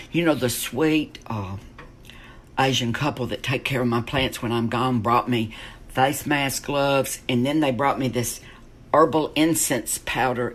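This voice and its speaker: A man playing a slow-talking drama queen. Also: medium pitch, slight background noise, close to an everyday voice. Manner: dramatic, gossipy storytelling with camp exclamations. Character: flamboyant middle-aged Southern man stuck in lockdown. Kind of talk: comic character monologue. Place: home, indoors.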